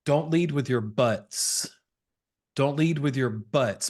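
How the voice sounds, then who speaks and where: A man's voice: mid-range voice, slow, darkish tone. A man around forty, coaching insurance sales over a video call in a folksy, fired-up, preachy way. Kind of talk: energetic webinar training talk.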